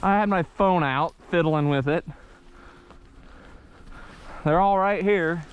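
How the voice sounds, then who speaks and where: A man hunting outdoors in an open field, chatting casually and shouting commands to his dog. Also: on the high side, takes it slowly, clean tone.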